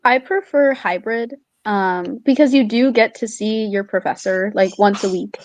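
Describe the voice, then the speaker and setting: A young woman, a college student, answering interview questions in a soft, hesitant way. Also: medium pitch, moderate pace, no echo. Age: young adult. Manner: soft-spoken, hesitant, with many "um" and "like".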